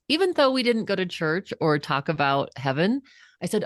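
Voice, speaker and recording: A woman's voice: lowish voice, normal speed, no room sound, clean studio sound. A woman in her fifties, a psychotherapist and author, telling earnest personal stories as a guest in a casual interview. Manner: earnest, animated storyteller.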